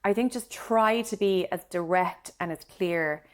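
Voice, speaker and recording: A woman's voice: on the low side, measured pace. A woman with an Irish accent co-hosting a podcast, giving direct, encouraging advice in casual chat. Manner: encouraging, direct, says "like" often. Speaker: podcast co-host.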